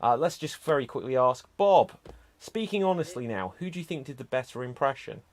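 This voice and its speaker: A man's voice: mid-range voice, animated, a little fast. A man hosting an online improv show, upbeat and teasing as he introduces scenes and reads out votes.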